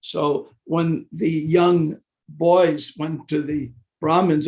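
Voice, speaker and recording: An older man with a gravelly, fairly high voice gives a devotional scripture class. He talks genially and haltingly, with fillers and restarts. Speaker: class speaker.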